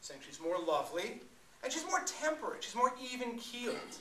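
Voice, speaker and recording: A man giving an energetic, joking live talk about poetry to an audience at a venue. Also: extremely high pitch, moderate pace. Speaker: poet performer. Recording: echoey room, mic far off.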